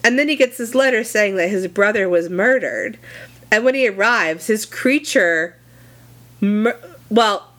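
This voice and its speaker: A young adult woman hosts a casual podcast and recounts a novel's plot in loose, animated chat. She swears freely and fills her sentences with asides and hesitations. Her pitch sits in an everyday middle range. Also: a little slow. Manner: animated, profane, lots of fillers and asides. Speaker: podcast co-host. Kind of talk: casual chat, retelling a story.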